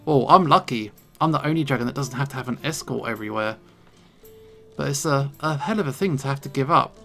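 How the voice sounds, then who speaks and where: A man's voice: medium pitch, fairly quick, creaky, sharp tone, soft background music. A man hosting a let's play, commenting in a playful, jokey way and reading game dialogue. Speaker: gaming channel host.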